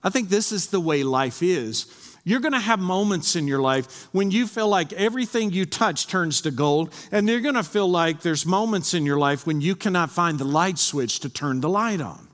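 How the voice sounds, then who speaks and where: Pastor, male, lively fairly high voice, earnest sermon delivery, long hall reverb. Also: moderate pace. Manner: earnest preaching, reads scripture aloud.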